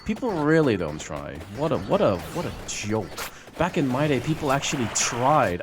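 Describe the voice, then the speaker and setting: A man's voice: medium pitch, very animated, normal speed, background noise. A young man streaming live, chatting to his viewers and taunting a troll with profane mockery.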